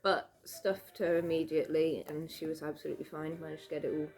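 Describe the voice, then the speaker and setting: A British woman chatting casually into a camera at home, rambling cheerfully with plenty of fillers and little laughs. Her voice sits a bit low for a woman. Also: flat delivery, quick pace, a little mellow. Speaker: vlogger. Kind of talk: casual show-and-tell chat. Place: home room.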